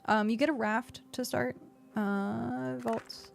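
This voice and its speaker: A woman's voice: on the high side, steady tone, takes it slowly, gravelly. A woman streamer chatting casually as she plays and explains a game, with lots of fillers, into a desk microphone. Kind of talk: casual gameplay commentary. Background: faint background music.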